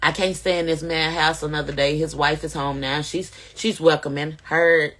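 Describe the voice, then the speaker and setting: A woman tells her own story straight to a phone camera at home. Her voice is bright and pushes forward, sitting a little low. She acts out everyone she quotes and climbs high when the story gets tense. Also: steady tone, moderate pace. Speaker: mother of five telling her life story. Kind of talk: casual storytelling vlog.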